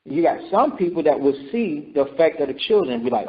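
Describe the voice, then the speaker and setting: Fast and lively in intonation, a man with a slightly high voice leads scripture study as a sermon. He's repetitive and calls for responses with "right?" and "okay?", all on a dull lo-fi recording.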